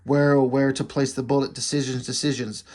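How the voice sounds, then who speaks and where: A man's voice: medium pitch, flat delivery, moderate pace, a little mellow, close to an everyday voice. A man voicing a cocky male sniper who mutters boastfully to himself. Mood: gloating.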